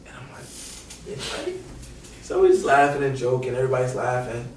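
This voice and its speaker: A man's voice: mid-range voice, fast. Young New man, guest, casual slangy storyteller; roomy echo, mic set back. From New York. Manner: animated, slangy, profane, acts out quotes. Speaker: podcast guest, former college basketball player. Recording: echoey room, distant mic, faint noise.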